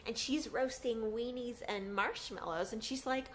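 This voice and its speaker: A woman's voice: normal speed, slight background noise. A woman performing a personal story, acting out the voices of the people in it. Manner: animated, acts out quotes with big pitch swings.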